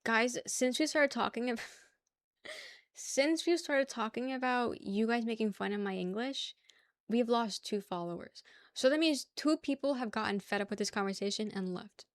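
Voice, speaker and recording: A woman's voice: a little high, normal speed, no echo, clean studio sound. A young woman from the New York area chatting casually with her stream chat, joking, laughing and rambling.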